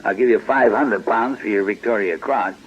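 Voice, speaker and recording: An actor playing a shrewd male detective sergeant in a radio drama, speaking smoothly and unhurriedly with polite mockery. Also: lowish voice, normal speed, slight background noise, close to an everyday voice. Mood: coaxing. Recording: dull lo-fi archive radio recording.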